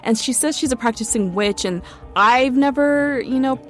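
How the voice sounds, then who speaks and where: A woman's voice: sits high, normal speed, faint music behind. A young woman casually recounting a true ghost story in a chatty way, full of "like" and "um" fillers. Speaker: guest storyteller.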